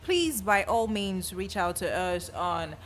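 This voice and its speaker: A woman hosting a radio talk show, reading out the call line and taking a caller in a brisk, plain way. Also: medium pitch, animated, fairly bright tone, a little hiss or hum. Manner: brisk, reads out numbers plainly. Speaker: radio host.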